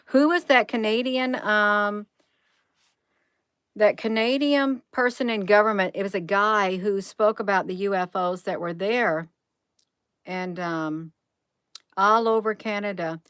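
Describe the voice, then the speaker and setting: A woman's voice: mid-range voice, steady tone, measured pace, a bit bright, clean tone, no echo. A woman hosting a casual livestream, musing aloud, reading from the screen and answering chat. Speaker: livestream host.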